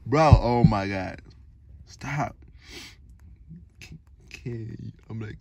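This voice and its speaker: A young man vlogging a prank, nervous and excitable, drifting from mumbled asides to loud outbursts. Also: on the low side, slow, creaky, pauses often, a little hiss or hum. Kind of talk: casual vlog narration. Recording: loud music behind the voice.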